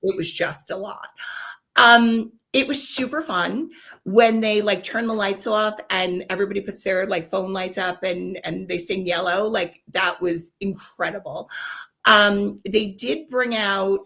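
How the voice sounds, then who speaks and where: A woman's voice: mid-range voice, unhurried, vocal fry. A middle-aged woman guest with a New York accent, chatting animatedly on a video-call podcast with lots of fillers. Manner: animated, rambling with fillers and excited exclamations. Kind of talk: casual storytelling on a podcast.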